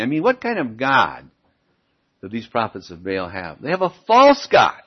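A man's voice: medium pitch, wildly swooping pitch, moderate pace. A man preaching a sermon and reading Bible verses aloud, stressing lines emphatically with wry asides. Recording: dull lo-fi recording.

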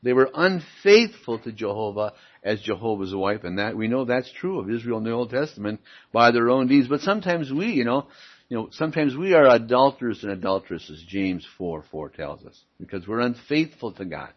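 A man's voice: medium pitch, brisk. A male preacher delivers a sermon, reading scripture and letting key phrases rise with emphasis before dropping into dry, wry asides. His voice sits in an ordinary middle register. The recording is muffled and lo-fi. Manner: emphatic, rising loudly on read verses, wry asides. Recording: dull lo-fi recording.

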